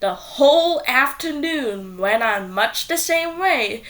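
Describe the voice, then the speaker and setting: A woman reads a children's story aloud at an unhurried pace. Her telling is playful and expressive. Her voice sits a little high. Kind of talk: reading a children's book aloud.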